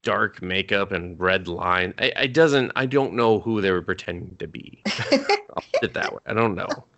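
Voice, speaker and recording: A man's voice: sits low, big pitch swings, normal speed, fairly bright tone. A man co-hosting a podcast, loosely recapping an anime episode in a rambling, profane, filler-heavy way. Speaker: podcast co-host.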